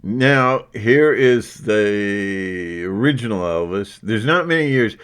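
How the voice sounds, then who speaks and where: A man's voice: fairly low pitch, animated, slow pace, background noise. A man talking casually to his viewers in a meandering way, full of asides. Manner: meandering, with lots of verbal asides. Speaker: vlogger. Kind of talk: casual rambling talk to viewers.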